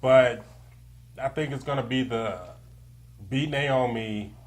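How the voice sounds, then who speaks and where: Male podcast co-host, casual chat, animated, breaks into acted-out quotes. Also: medium pitch, takes it slowly. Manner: animated, acts out quoted wrestler lines.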